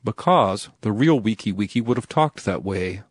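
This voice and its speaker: A man's voice: fairly low pitch, expressive, normal speed, slightly rough, no echo, studio quality. A man voicing an earnest, headstrong young male writer in an audiobook, blunt and insistent. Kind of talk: audiobook character reading.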